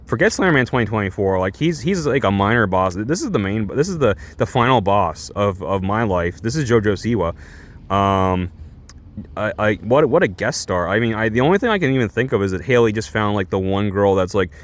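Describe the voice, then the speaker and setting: Exasperated ranting man, animated pitch. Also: brisk. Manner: exasperated, sarcastic, many restarts and profanity. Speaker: commentary YouTuber. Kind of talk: ranting reaction commentary.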